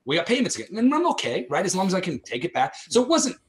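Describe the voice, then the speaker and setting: A man in his thirties, an entrepreneur guest on a podcast, telling his story in an animated, energetic way and laughing often between asides. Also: high voice, rapid-fire, crowd noise.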